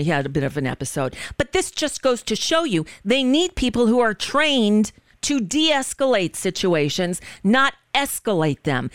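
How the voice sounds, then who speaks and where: A woman's voice: fairly high pitch, fairly bright tone, clean tone, no echo, studio quality. A woman hosting a political talk radio show, telling a story with indignant passion.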